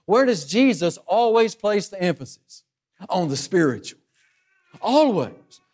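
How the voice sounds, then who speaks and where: A high-pitched man preaching with real conviction. He fires rhetorical questions at his congregation, and his voice jumps up and down for emphasis. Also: sing-song, a little slow, a little mellow. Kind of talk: sermon.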